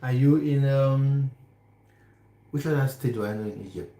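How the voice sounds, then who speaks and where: Livestreaming from his echoey home kitchen, a young man from Cameroon chats casually, reading out comments and joking with viewers by name. He speaks at a normal speed in a medium-pitched, dark-toned voice.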